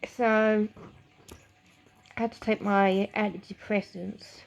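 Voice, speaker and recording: A woman's voice: medium pitch, flat delivery, slow pace, gravelly. A middle-aged woman telling a painful personal story to camera, emotional and rambling, with swearing and frequent restarts. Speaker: vlogger.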